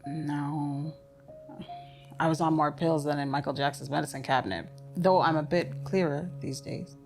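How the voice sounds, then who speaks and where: A woman playing an older, sick father who is gruff, crude and wry, telling blunt, profane stories in a stage play. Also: sits low, fairly even intonation, moderate pace, faint music behind. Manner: blunt, sardonic, profane storytelling.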